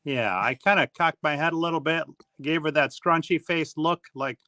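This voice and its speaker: A middle-aged man co-hosting a casual live stream, telling animated stories and reading viewer comments aloud. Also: fairly high pitch, moderate pace, dry recording. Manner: animated storyteller, laughs often.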